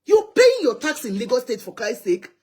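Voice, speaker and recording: A Nigerian woman with a Nigerian accent, hosting a live call-in show, talking in an animated, chatty way and ranting about public affairs from inside a car. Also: a little high, normal speed, slightly rough. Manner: animated, chatty, rants and pleads. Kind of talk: opinionated live social commentary.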